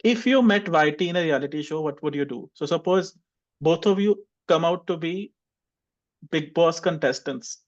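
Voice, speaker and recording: A man's voice: a little high, moderate pace. Playful male tutor. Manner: playful, teasing, explains criteria patiently. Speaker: English speaking-test tutor. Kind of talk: online class feedback. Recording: dull lo-fi online call audio.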